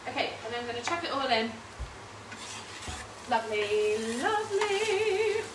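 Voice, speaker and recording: A woman's voice: fairly high pitch, steady tone, moderate pace, heavy background noise. A woman, hosting a casual home cooking stream, chatting and rambling with frequent laughs while reading out viewer comments. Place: home kitchen.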